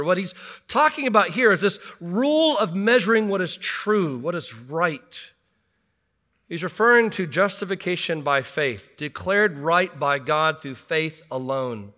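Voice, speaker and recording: Middle-aged male pastor delivering a sermon, high and bright, earnest with wry asides. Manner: earnest, rhetorical questions, self-deprecating asides. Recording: long hall reverb.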